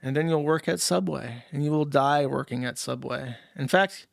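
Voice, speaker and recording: A man's voice: mid-range voice, moderate pace, creaky, no room sound, studio quality. A man hosting a livestream, ranting in a profane, mocking way and reading out viewer donations. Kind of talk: casual livestream rant.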